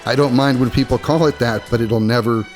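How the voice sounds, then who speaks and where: A man recounts his past in a documentary interview, thoughtful and confessional. His pitch is middling. Music runs clearly underneath. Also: steady tone, fairly quick. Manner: reflective, confessional. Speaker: former game designer.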